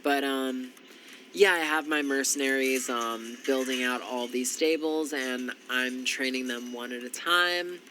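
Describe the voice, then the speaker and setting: Congested, tired man, bright tone, slow ambling gameplay commentary full of ums. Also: medium pitch, a little hiss or hum, rough recording. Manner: unhurried, thinking aloud with frequent ums. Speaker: strategy game commentator.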